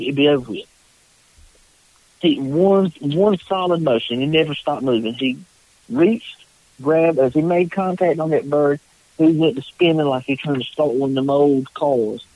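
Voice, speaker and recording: A man from North Carolina, a podcast guest telling a story in a casual, animated way and raising his voice for the quotes. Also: on the high side, dry recording, poor audio. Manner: animated, acts out quotes in a raised voice.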